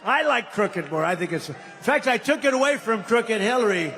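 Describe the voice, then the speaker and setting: Older man, rally speech, high-pitched for a man, long reverb of a big hall, faint ambience, mocking and rambling. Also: expressive, normal speed, pushed and bright, a little hiss or hum. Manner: rambling, mocking, crowd-baiting with asides. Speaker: political candidate at a rally. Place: large rally hall with crowd.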